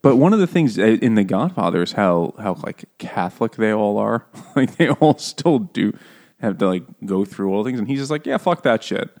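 A man's voice: lowish voice, animated, moderate pace, a little mellow. A man in casual podcast chat, laughing often, swearing and mimicking characters in goofy voices. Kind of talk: casual chat about a book and film.

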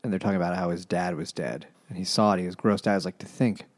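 A man co-hosting a casual book-club podcast, retelling the plot in a relaxed way with quoted asides. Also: low voice, fast, no room sound. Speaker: podcast co-host.

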